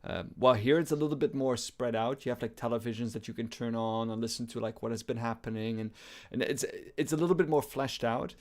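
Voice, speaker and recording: A man's voice: mid-range voice, fast talker, hardly any pauses. Male podcast co-host, casual rambling review, lots of fillers. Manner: relaxed, rambling, many fillers. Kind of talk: casual chat, game review.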